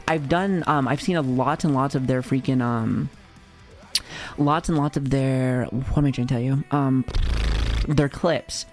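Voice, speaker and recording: A man's voice: mid-range voice, fairly even intonation, measured pace, darkish tone, soft background music. Rambling, foul-mouthed male streamer. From United States. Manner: rambling, profane, chatty, with many fillers and restarts. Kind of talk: casual livestream chat reacting to chat.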